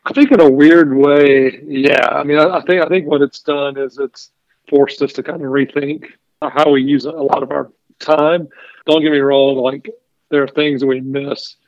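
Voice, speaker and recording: A man's voice: a little high, fairly even intonation, normal speed, a little mellow, dry recording. A middle-aged man co-hosting a podcast in casual chat from a small room at home. He jokes dryly, then talks in an earnest, reflective way with restarts. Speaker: podcast co-host. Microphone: remote home setup. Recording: dull lo-fi remote audio.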